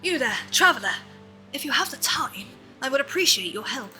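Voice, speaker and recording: A woman's voice: sits high, very animated, normal speed, bright, forceful tone, soft background music, full character voice, low-quality recording. A woman reading game dialogue aloud as an older, weary villager with an old injury, in a mock British accent and formal, old-fashioned phrasing. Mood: solemn.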